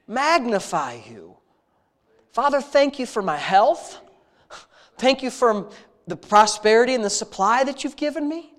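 A man's voice: very high voice, very animated, unhurried, fairly bright tone. A man leading a congregation in spontaneous, heartfelt prayer, talking in an intimate, conversational way and repeating phrases of praise. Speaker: prayer leader.

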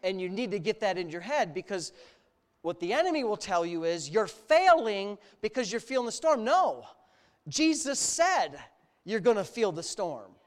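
A male pastor preaching a sermon, animated, building his points through long repeated lists. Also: sits high, normal speed.

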